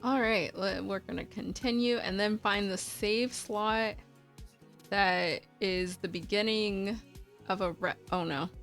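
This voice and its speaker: A chatty woman with a raspy, husky voice, streaming a game, talking through it casually and reading the on-screen text aloud. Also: mid-range voice, steady tone, slow pace, a bit bright, faint music behind. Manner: chatty, talkative.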